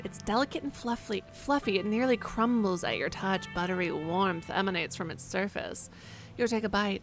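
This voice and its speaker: Playful woman streaming a horror game. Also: medium pitch. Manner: playful, chatty, reads narration aloud. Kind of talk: live game stream, reading and commentary.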